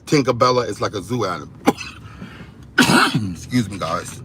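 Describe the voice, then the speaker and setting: A man giving rambling, animated gossip commentary on reality TV, repeating himself as he goes. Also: fairly low pitch, normal speed, very noisy.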